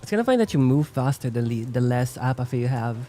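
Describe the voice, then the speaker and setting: A man talks quickly through his gameplay in casual commentary, musing aloud and leaning on "like" as he goes. His voice is mellow and dark, with faint game music underneath. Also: medium pitch, very animated. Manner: musing, thinking aloud with many "like" fillers. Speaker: let's-play gamer.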